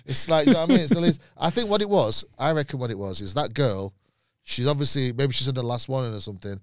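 A man, a comedian, telling a road story in casual chat, animated and swearing freely, shrieking when he quotes himself. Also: mid-range voice, quick pace, no room sound, clean studio sound.

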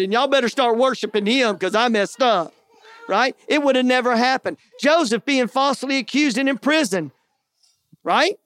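A man's voice: extremely high pitch, a bit bright, dry recording. A man preaching a sermon in a folksy, conversational way, often tossing in "man" and "right?". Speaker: pastor.

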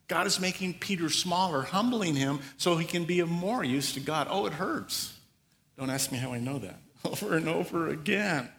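Bright-voiced man preaching a sermon. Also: a little high, long reverb tail. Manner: animated storytelling with quick acted asides. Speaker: pastor.

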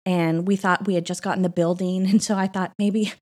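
With a voice on the low side, a level tone, and a slightly mellow quality, this middle-aged co-pastor speaks fairly quickly. Guesting on a podcast in an Austin church setting, she recounts a family story in a relaxed interview, laughing a lot and imitating the people she quotes, picked up by a mic on her.

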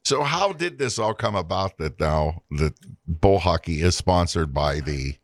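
A male podcast host guiding a relaxed conversation and laughing easily at his guests. His voice is very deep. The sound is dry and close. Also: a little slow, dry recording. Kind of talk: casual podcast chat.

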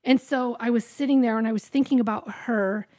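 Female podcast guest, middle-aged, slightly high, candid and emotional testimony. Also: steady tone, brisk, darkish tone. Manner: candid, emotional, quotes her own thoughts aloud. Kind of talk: personal testimony interview.

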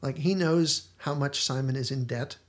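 A man's voice: medium pitch, moderate pace. A male podcast host casually discussing a TV episode, retelling its scenes with lots of restarts and fillers.

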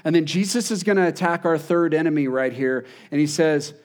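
Earnest high-voiced male pastor. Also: fairly quick. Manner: earnest, repeats words, drops soft for emphasis. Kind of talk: sermon.

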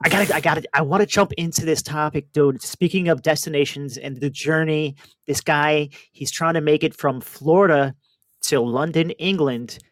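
This radio co-host's voice is on the high side, at normal speed and with no echo. He's an animated storyteller on a casual show, recounting a wild news story energetically and doing voices for the people in it.

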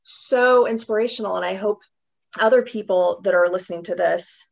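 A woman's voice: mid-range voice, normal speed, creaky. A woman host of a podcast interview, speaking with emotion and on the edge of tears as she praises her guest. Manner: emotional, warm-hearted praise, near tears.

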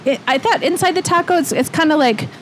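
A woman co-host in a relaxed chat, thinking out loud and often restarting her sentences. Her voice is a little high. A faint ambience hangs in the background. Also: quick pace, slight background noise. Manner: chatty, thinking aloud with restarts. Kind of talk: casual chat.

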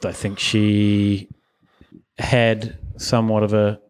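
A man's voice: lowish voice, monotone, slow, darkish tone, clear, resonant tone. Laid-back man chatting. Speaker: podcast co-host. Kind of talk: casual chat.

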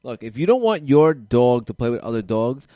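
A man's voice: medium pitch, very animated, moderate pace, warm tone, no room sound, muffled recording. A man in casual podcast talk, blunt and opinionated, with frequent swearing.

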